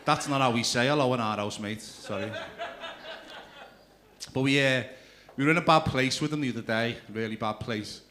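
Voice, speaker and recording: A man in his thirties on a comedy club stage, telling rude family stories and ribbing the audience between bits. His voice sits at an ordinary middle pitch, with faint room noise behind him. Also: moderate pace, sharp tone. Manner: crude, chatty storytelling with asides to the crowd. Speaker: stand-up comedian. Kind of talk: stand-up comedy routine.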